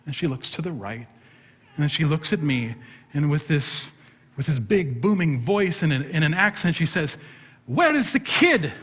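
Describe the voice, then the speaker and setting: A middle-aged man, a pastor, preaching a sermon and telling a self-deprecating story with humor. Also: fairly high pitch. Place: church sanctuary. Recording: long hall reverb.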